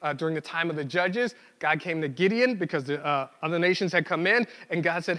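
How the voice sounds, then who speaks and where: Male preacher, high voice, chatty sermon delivery with restarts, in a reverberant hall. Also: fairly quick, few pauses, sharp tone. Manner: conversational, acts out quotes, frequent fillers and restarts.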